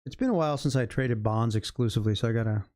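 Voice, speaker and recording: A man streams his trading day, thinking out loud and swearing to keep himself fired up. His voice is mellow and mid-pitched. It sits close and dry on the mic. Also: quick pace, dry recording. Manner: loose, swearing, talks to himself and chat. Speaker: day trader livestreaming. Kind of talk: live trading commentary.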